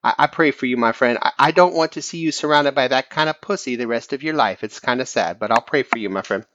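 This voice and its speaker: A man's voice: mid-range voice, fast talker, a bit bright, dry recording, dull audio, pitched below the performer's own voice, natural voice. A man voicing a self-appointed preacher who blesses his friends while slyly insulting them, in a sing-song preachy manner. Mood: sanctimonious. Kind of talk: comic preacher impression on a fan podcast.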